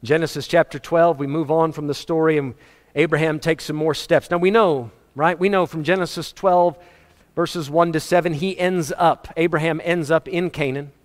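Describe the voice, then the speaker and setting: A man's voice: on the high side, fairly even intonation, moderate pace. Emphatic preacher man with hall reverb. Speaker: pastor. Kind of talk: sermon.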